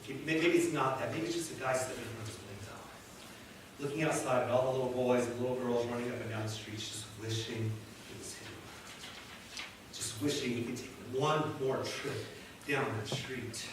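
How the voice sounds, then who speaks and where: A male pastor preaching a sermon in a church, telling the story dramatically and swinging between loud and hushed delivery. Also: medium pitch, moderate pace, noisy background. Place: church sanctuary. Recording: echoey church hall from far off.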